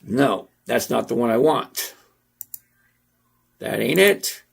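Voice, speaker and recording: This middle-aged man runs a stock trading channel and talks through the figures on screen casually, teasing and sarcastic, slowing down to repeat points for emphasis. His voice is medium in pitch, animated, creaky and a bit rough.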